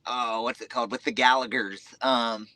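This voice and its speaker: A man's voice: mid-range voice, steady tone, normal speed, bright, forceful tone, dry recording. A man who is a guest on a motocross podcast, talking in an easygoing, candid way. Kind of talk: casual interview chat.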